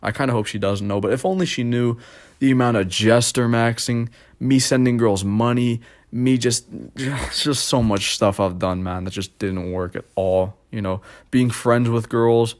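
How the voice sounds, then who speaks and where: A man's voice: medium pitch, fairly even intonation, moderate pace. A young adult man rambling self-deprecatingly in a casual vlog monologue. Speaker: vlogger.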